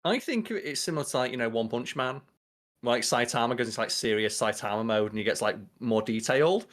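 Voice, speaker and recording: Swearing, animated male podcast co-host. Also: mid-range voice, fairly quick. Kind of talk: casual chat.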